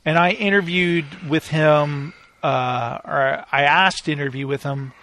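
High-pitched guy just chatting and telling old work stories, laughs a bunch. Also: unhurried. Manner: laughs often, animated retelling. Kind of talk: casual storytelling chat.

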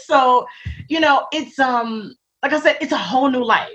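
A woman as an interview guest in casual faith-centred chat, animated and laughing often, acting out the voices she quotes. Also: sits high, moderate pace. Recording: dull lo-fi recording.

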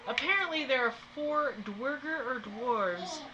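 Joking woman player, fairly high voice, noisy recording. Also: lively intonation, takes it slowly, muffled recording. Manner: giggly, joking. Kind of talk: casual chat.

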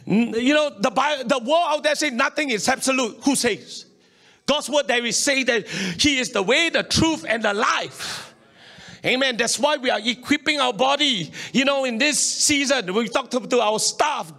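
A middle-aged male pastor preaches a sermon in a very high-pitched, pushed and bright voice at a moderate pace. He speaks emphatically, repeats himself, and keeps urging the congregation to respond, chuckling often between points.

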